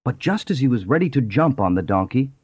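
A man narrating fables in a scripted, expressive storybook reading. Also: mid-range voice, a little fast, slightly rough, dry recording. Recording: dull lo-fi audio.

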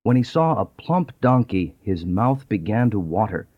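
A man narrating fables in a scripted, expressive storybook reading. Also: lowish voice, moderate pace, husky, dry recording. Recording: dull lo-fi audio.

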